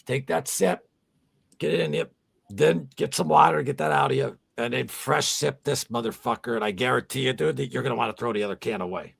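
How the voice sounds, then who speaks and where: A man's voice: medium pitch, a little fast, vocal fry, slightly rough. A man on a podcast, talking casually in a rambling, profane, insistent way. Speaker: podcast co-host. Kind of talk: casual chat.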